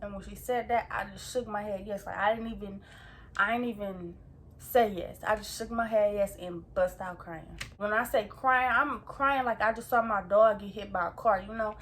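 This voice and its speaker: A woman's voice: mid-range voice, normal speed, a bit bright, slight background noise. A young woman in her late teens tells a story in a casual, rambling way, full of slang and repeated fillers like "like" and "you feel me". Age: young adult. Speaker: vlogger.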